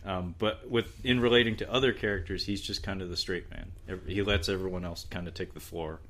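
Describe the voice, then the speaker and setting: A young man with a low yet bright, edgy voice discusses a film on a podcast. He is wry and animated and often breaks into laughter. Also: fairly quick. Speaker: podcast co-host.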